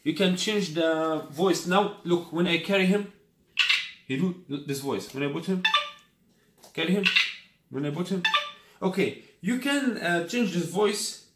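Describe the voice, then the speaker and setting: A man's voice: high voice, lively intonation, unhurried. A man whose first language is Arabic, casually demonstrating and reviewing a scooter in non-native English and often asking "you got me?". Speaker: product reviewer. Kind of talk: casual unboxing demo. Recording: echoey room, faint noise.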